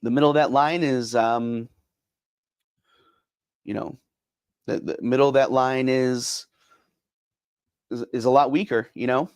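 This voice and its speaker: Steady and darkish in tone, the medium-pitched voice of this middle-aged man is clean, measured, and marked by long pauses. He hosts a casual solo sports podcast, rambling through viewer comments with many fillers and repeats, captured in a dry, clean studio recording.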